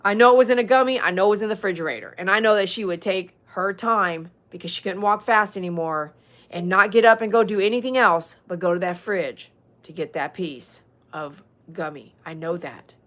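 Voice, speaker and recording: A woman hosting a casual livestream as a dog groomer, chatting with viewers and reading their comments aloud. She is animated and swings from loud mock outbursts to soft, earnest talk. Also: medium pitch, fairly quick. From Texas. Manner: chatty, reads out viewer comments, uses y'all.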